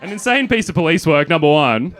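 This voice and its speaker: A man, telling a self-mocking story on a comedy club stage into a handheld mic, building to animated punchlines. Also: on the high side, brisk, a faint crowd. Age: 30s. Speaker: stand-up comedian. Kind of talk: stand-up storytelling.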